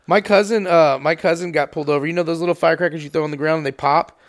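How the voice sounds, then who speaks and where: A man's voice: a little high, steady tone, very fast. A man co-hosting a podcast, swearing freely and acting out the people in his stories. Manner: profane storyteller acting out quotes. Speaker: podcast co-host. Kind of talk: casual podcast banter.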